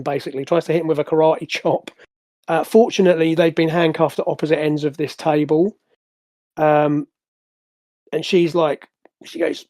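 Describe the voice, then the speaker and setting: Male game master, a bit high-pitched, halting delivery, dry sound. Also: darkish tone, no room sound. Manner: halting, full of fillers and restarts. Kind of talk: narrating a tabletop game.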